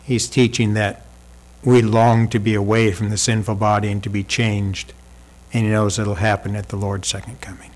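A man's voice: fairly low pitch, level tone, moderate pace, a little mellow. A man preaching a sermon in a church hall. He talks emphatically and asks the congregation rhetorical questions. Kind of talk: sermon with visual aids.

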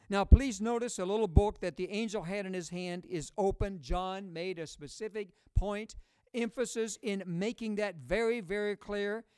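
High-voiced preacher guy, punchy call-and-response sermon, very dry sound. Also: darkish tone, clear, resonant tone, dry recording. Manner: booming rises on key words. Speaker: pastor.

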